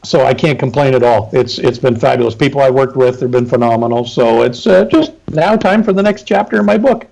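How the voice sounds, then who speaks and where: A man's voice: medium pitch, brisk, gravelly, hardly any pauses, darkish tone, low-quality recording. A middle-aged man, a trucking safety consultant, talking casually and emphatically as an interview guest.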